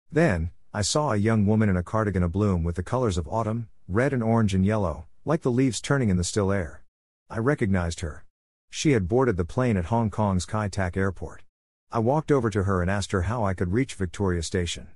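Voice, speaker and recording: A man from the Philippines, reading his own reflective essay in a measured scripted narration. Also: lowish voice, darkish tone, no echo, studio quality.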